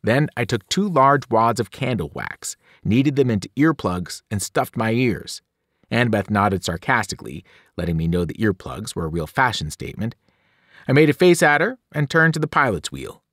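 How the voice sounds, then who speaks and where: A man's voice: fairly low pitch, sing-song, normal speed, no room sound, clean studio sound. Man reading a novel aloud dramatically. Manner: dramatic, with whispered and shouted voices. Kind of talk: expressive read-aloud narration.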